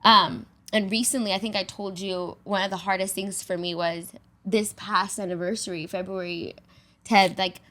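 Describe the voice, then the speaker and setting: A young adult woman speaks on a casual podcast at a mid-range pitch, neither high nor low. She talks candidly and from the heart, with "like" running through her sentences. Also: steady tone, normal speed, a bit bright. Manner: candid, heartfelt, filler-heavy with frequent "like".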